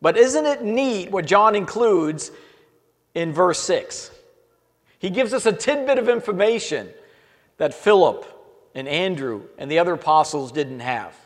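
A man with a high voice preaches an earnest sermon, his phrases often falling away softly at the ends. His voice rings out in a church hall with a long reverb tail. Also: animated, unhurried. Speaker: pastor.

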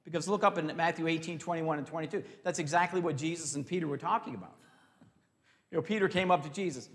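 A man with a high-pitched voice preaches, pressing hard on key words and then dropping to near-whispers that stretch out slowly. He leads the congregation in call-and-response. The sound carries a long reverb from a large hall. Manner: animated, swings between loud emphasis and hushed, drawn-out phrases. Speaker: pastor. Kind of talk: sermon.

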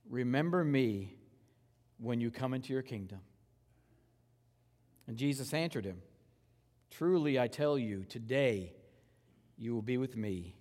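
Conversational preacher in a reverberant hall. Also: male voice, medium pitch. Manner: conversational preaching, swings from loud rhetorical questions to hushed, slow reverence. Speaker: pastor. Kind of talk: sermon.

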